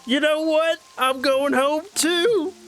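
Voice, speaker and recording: A young adult man streaming gameplay live, excitable and loud with laughter and swearing. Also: very high voice.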